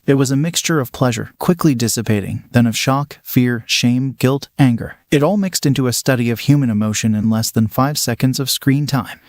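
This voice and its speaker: A man's voice: mid-range voice, normal speed, hardly any pauses, a little mellow, no echo. Male storyteller with a dry, close voice. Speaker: narrator. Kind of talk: scripted story narration.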